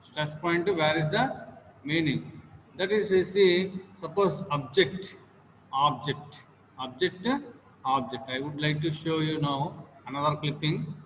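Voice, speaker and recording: A male teacher with an Indian English accent drills his students slowly, repeating each word and filling his pauses with "uh." His voice sits a little high for a man. It rings with a long hall reverb over a faint room hum. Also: fairly even intonation. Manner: slow and repetitive, with many "uh" fillers and drills. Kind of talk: classroom lecture on word stress. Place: classroom.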